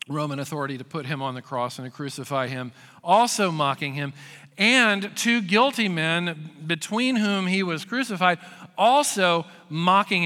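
Male pastor, sermon delivery, bright, slightly high voice, swings from loud to hushed, long hall reverb. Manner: storytelling, shifting from loud acted quotes to hushed emphasis.

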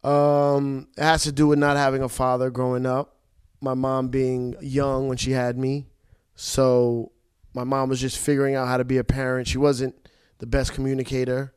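A man's voice: mid-range voice, moderate pace, clear, resonant tone, dry recording, clean studio sound. A man, a radio DJ guest on a podcast, chatting casually and acting out quotes as he tells stories. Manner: animated storyteller, acts out quotes. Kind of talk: casual chat.

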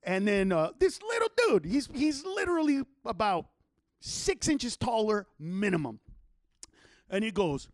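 Man, casual chat, animated storyteller, high voice, very dry recording. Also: a little slow, dry recording. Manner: animated, profane storytelling with acted quotes.

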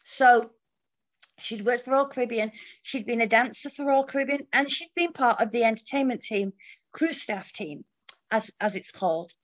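A middle-aged Englishwoman, formerly a dancer, tells a story as a guest in casual chat, animatedly acting out the people she quotes. Her voice sits a little high at a moderate pace, and the lo-fi audio sounds dull.

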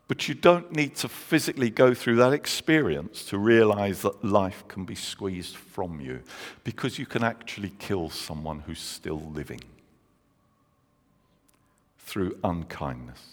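A man, preaching a sermon and telling stories, slowing down for emphasis. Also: sits low, a bit bright. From England. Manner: earnest storytelling, slows down for emphasis. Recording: long reverb of a large hall.

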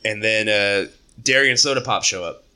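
Bright-voiced man retelling a story. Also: lowish voice, normal speed, clean tone. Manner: animated retelling, acts out characters' lines; laughs often, swears casually. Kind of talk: casual book discussion.

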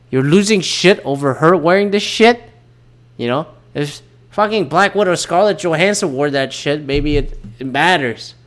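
A young man ranting casually about online news, swearing often, swinging between loud bursts and mumbled asides. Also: a little high. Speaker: vlogger reacting to news.

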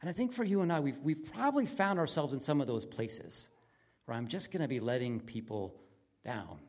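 An earnest male pastor talks his congregation through a story in a relaxed, conversational sermon. His voice sits at an ordinary middle pitch. He leans into lively emphasis and then drops to quiet, almost hushed stretches. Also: brisk. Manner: earnest, swings from loud excitement to near-whisper intimacy.

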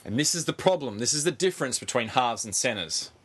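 A man co-hosting a casual sports podcast, animated, swearing freely and pushing on through interruptions. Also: mid-range voice, a little fast, husky. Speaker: podcast co-host.

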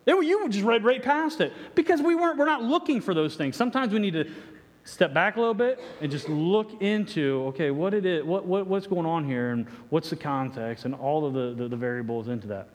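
A man's voice: high-pitched, lively intonation, fairly quick. A man preaching a sermon as pastor, stumbling through many restarts and acting out voices. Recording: echoey hall reverb.

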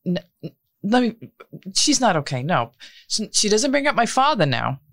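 A woman's voice: mid-range voice, normal speed, no echo, clean studio sound. A middle-aged woman, telling a long story in casual chat and acting out what others said. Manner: animated storytelling, acts out quotes.

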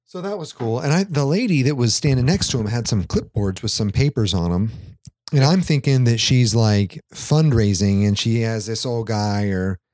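A man's voice: mid-range voice, animated, moderate pace, a little mellow, no room sound, studio quality. A man co-hosting a podcast, telling a rambling story in casual chat, laughing often and swearing offhandedly. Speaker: podcast co-host.

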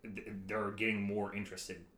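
A man co-hosting a podcast in casual chat, relaxed and laughing often. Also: on the low side, normal speed, roomy sound. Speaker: podcast co-host.

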